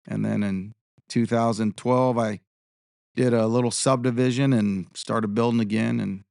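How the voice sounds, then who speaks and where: A man's voice: medium pitch, steady tone, unhurried, creaky, darkish tone, no room sound, clean studio sound. A man in his fifties, a guest in an interview, telling rambling anecdotes in a casual way and acting out the dialogue he quotes. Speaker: interview guest, tribal chairman and contractor.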